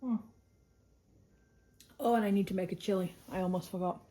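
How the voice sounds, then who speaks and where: A woman chats through her monthly craft roundup from home at a mid-range pitch. She rambles easily, trailing off and restarting with plenty of "like" and "um". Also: fairly even intonation, moderate pace, warm tone. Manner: chatty and rambling, many "like" and "um" fillers. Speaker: craft vlogger. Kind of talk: casual monthly roundup vlog. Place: at home indoors.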